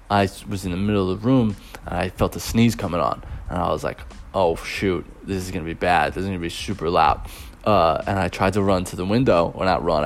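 Deep-voiced young man telling a rambling story. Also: gravelly. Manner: rambling, loose, with many fillers and chuckles. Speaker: teacher working abroad. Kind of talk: casual storytelling vlog.

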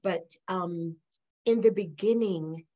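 A woman's voice: on the low side, takes it slowly, mellow, poor audio. Middle-aged woman guest, earnest, reflective storytelling, breaks into light laughs. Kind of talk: personal storytelling in an interview.

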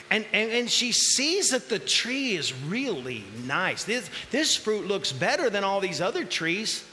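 Preacher, male, high and lively delivery, slow and deliberate, echoing hall. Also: slight background noise. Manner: animated, acts out voices in the scripture, shouts at peaks. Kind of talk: sermon.

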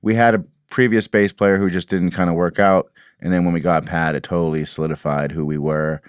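A very low-voiced man chats about his band in an interview, rambling and restarting his sentences. His voice is smooth and resonant, recorded close and dry. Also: little pitch movement, brisk, no room sound. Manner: rambling, many restarts and "you know". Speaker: band member guest. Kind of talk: casual interview chat.

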